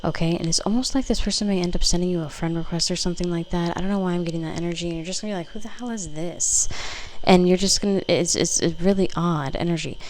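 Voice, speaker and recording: A woman's voice: lowish voice, fairly even intonation, racing, few pauses, a little mellow, slight background noise, rough recording. A woman giving a casual pick-a-card tarot reading, rambling with fillers and the odd swear word, at home. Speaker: tarot reader. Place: home room. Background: faint mini fridge buzz.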